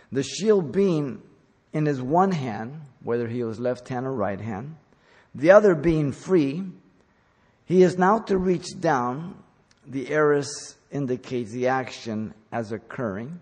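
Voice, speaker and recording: A husky-voiced man delivers a sermon at an unhurried, measured pace. He preaches with deliberate emphasis and leans hard into key words. His voice rings out with a long, lingering reverb. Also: mid-range voice, darkish tone. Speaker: pastor.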